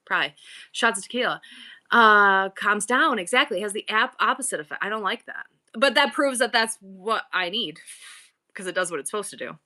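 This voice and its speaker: Bubbly, bright-voiced woman livestream seller. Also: medium pitch, lively intonation, fairly quick. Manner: bubbly, playful, exaggerated customer-service voice; rambling, jumps between topics. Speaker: online live-selling host. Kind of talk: casual livestream chat.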